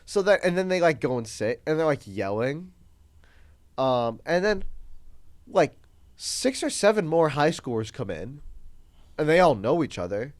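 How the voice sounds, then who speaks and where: A man's voice: fairly high pitch, measured pace, pauses often. A young man co-hosting a podcast, telling a story in casual chat, laughing often and acting out the people he quotes. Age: young adult. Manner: animated, laughs often, acts out quoted voices. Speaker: podcast co-host.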